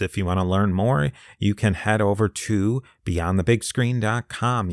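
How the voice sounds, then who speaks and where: A man's voice: on the low side, no room sound, studio quality. A man hosting a podcast, speaking in a plain, matter-of-fact way. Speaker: podcast host. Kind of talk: casual podcast chat.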